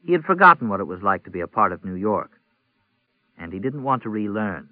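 A man narrating a novel in an even, measured reading. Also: lowish voice, dry recording. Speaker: audiobook narrator. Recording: tinny phone-like audio, dry.

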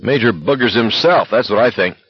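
A man voicing an unhinged, reckless young male walker who yells hoarse taunts. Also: fairly low pitch, brisk, dry recording, highs cut off. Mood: screaming taunts.

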